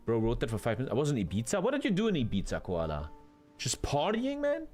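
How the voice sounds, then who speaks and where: Young male streamer, crude mock-aggressive chat banter, voice swinging wildly from low mutters to high yelps, faint game music behind. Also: wildly swooping pitch, quick pace, a little mellow. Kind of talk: live game stream commentary.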